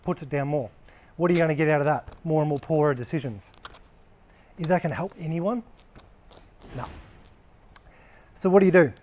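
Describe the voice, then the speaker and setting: Male workplace trainer, slightly higher pitch, blunt and casual, swears, talks to a live group. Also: moderate pace, long pauses, a little mellow.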